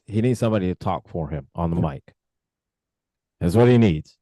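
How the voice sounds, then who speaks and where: A man's voice: deep voice, lively intonation, normal speed, warm tone, dry recording. A man co-hosting a casual wrestling podcast, interjecting with short, laid-back comments. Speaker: podcast co-host.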